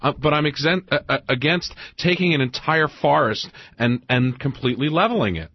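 A man co-hosting a radio show, telling stories in a halting way with repeated words. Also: a little high, lively intonation, breathy edge, no echo. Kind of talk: casual radio talk, storytelling. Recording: dull lo-fi radio broadcast.

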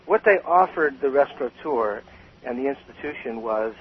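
On a radio interview, an older man who writes about cocktails and used to tend bar tells bar stories at normal speed in a mid-range voice. He's animated and emphatic, breaking into laughs, and the sound is slightly dull with a faint hiss.

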